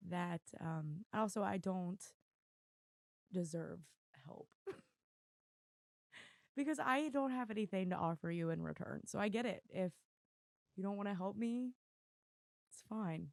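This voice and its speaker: A woman hosting her own podcast in casual chat, rambling and self-deprecating, laughing often, with her voice going hoarse. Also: on the low side, slow, pauses often, a little mellow, no echo. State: losing her voice. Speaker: podcast host. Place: room at home with dogs. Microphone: desk mic on video.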